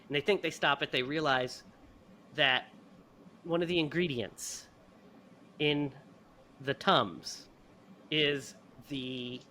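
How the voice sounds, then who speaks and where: Animated, bright-voiced male podcast host. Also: on the high side. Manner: animated, profane, laughing retelling. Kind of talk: casual movie review chat.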